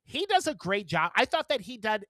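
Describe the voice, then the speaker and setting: A man co-hosting a podcast, chatting casually in a blunt, profane, animated way. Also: sits high, moderate pace, no echo. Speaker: podcast co-host. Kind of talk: casual chat.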